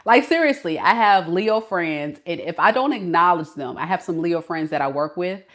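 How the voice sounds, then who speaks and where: A woman's voice: fairly low pitch, lively intonation, moderate pace. A woman tarot reader hosting a casual live stream. She chats playfully with her viewers, greets them, and laughs often.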